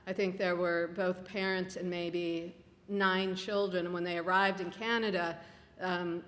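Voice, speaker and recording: A woman from Minnesota, an author telling family stories in a wry, unhurried way at a public talk. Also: on the low side, little pitch movement, fairly bright tone. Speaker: author guest. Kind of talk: conversational storytelling. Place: public library event room. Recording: reverberant hall.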